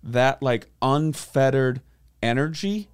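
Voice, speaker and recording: A man co-hosting a podcast, chatting casually in an excitable, animated way. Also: mid-range voice, takes it slowly, clear, resonant tone, no room sound, studio quality. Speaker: podcast co-host. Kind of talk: casual chat.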